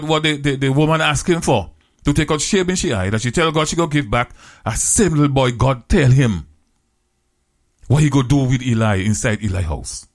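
A man preaching a sermon, retelling a Bible story in plain, creole-flavored English with repeated phrases and slow, drawn-out scripture quotes. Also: a little high.

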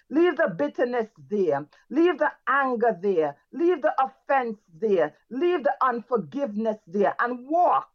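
A woman's voice: fairly high pitch, muffled recording. A woman leading the close of a church service, fervently exhorting the congregation and repeating praise phrases between lines. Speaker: worship leader closing a church service. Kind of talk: closing prayer and exhortation.

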